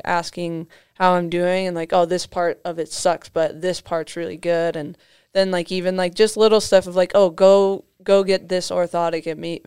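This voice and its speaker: A young woman chats as a podcast guest, her voice exceptionally smooth and clear. She rambles through stories packed with "like" fillers and breaks into laughter often. The sound is close and dry, with no room around it. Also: fairly low pitch, darkish tone, dry recording. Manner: storytelling, heavy use of "like" fillers, laughs often. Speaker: podcast guest, motocross racer. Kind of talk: casual chat.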